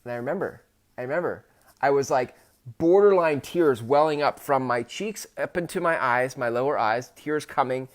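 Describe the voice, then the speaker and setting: Guy in his 30s telling a story from his childhood on his podcast, middle-pitched voice, lots of stops and restarts. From Pacific Northwest of the US. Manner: halting, many restarts, gets loud and emotional when retelling. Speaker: podcast host. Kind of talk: personal storytelling monologue.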